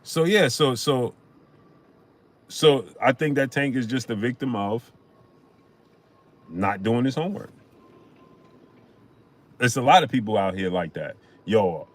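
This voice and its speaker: A man hosting a casual boxing live stream, greeting viewers by name and chatting in an animated way. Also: mid-range voice, a little slow, pauses often. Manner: shouts out chat names, chatty and animated.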